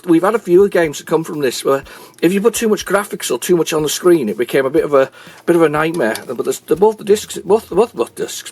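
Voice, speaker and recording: A man's voice: a little high, darkish tone, slightly rough. A middle-aged man hosting a retro gaming video, chatting in a rambling way with many restarts and self-corrections. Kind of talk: casual chat showing a collection.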